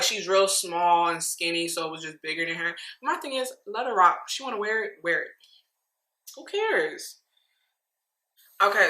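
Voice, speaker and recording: Bright, forceful woman, animated opinionated recap, echoey room. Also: medium pitch. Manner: animated, opinionated, quick asides. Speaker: reality TV recap vlogger. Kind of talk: casual chat.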